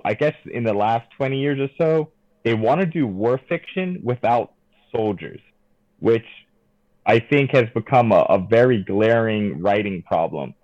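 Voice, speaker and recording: A man in casual podcast chat, hesitant and measured, with many restarts. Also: lowish voice, darkish tone, no room sound. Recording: dull, dry lo-fi mic.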